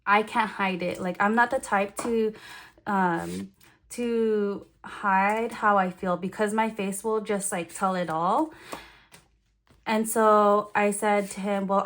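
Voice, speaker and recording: Chatty woman telling a story. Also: medium pitch. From Philippines. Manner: animated, filler-heavy retelling with quoted dialogue. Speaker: vlogger. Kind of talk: casual storytelling.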